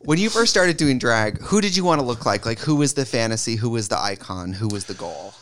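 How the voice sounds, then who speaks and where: A man co-hosting a casual chat, teasing and animated, with big bursts of laughter. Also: mid-range voice, fairly quick, background noise.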